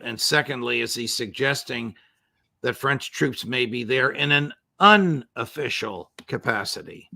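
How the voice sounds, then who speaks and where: Gravelly, bright-voiced male interview host. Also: mid-range voice, no echo, clean studio sound. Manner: deliberate, polite questioning. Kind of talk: conversational interview.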